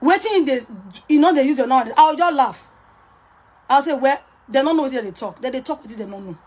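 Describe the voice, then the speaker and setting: A woman's voice: sits high, lively intonation, quick pace, low-quality recording. A woman with a Nigerian accent talking on a phone live video, emphatic and repetitive, mixing Pidgin and English. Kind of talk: angry live-stream rant.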